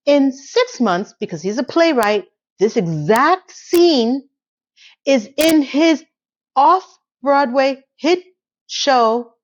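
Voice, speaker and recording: A woman retells a TV episode in a casual, animated way, playing out the scenes as she goes. Her voice sits a little high. The sound is slightly dull and lo-fi. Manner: animated storytelling, breaks into laughter. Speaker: recap host. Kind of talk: casual TV recap commentary.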